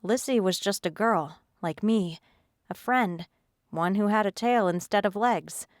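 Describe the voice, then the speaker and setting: A woman reading a first-person audiobook in a steady, scripted storytelling manner. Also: mid-range voice, unhurried, dry recording, clean studio sound. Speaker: audiobook narrator.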